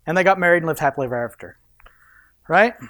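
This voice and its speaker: Preacher dude, kinda high voice, chatty and jokey, dry close sound. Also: male voice, very fast, a bit bright, no echo. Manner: conversational, joking preaching. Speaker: pastor. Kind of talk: sermon.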